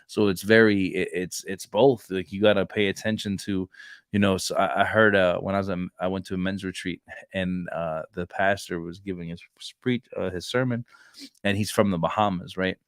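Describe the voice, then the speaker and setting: A man's voice: deep voice, steady tone, normal speed, no echo, studio quality. A man co-hosting a casual faith podcast, telling rambling stories and acting out the dialogue in them. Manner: rambling storyteller, acts out quoted dialogue. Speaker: podcast co-host; Marine reservist.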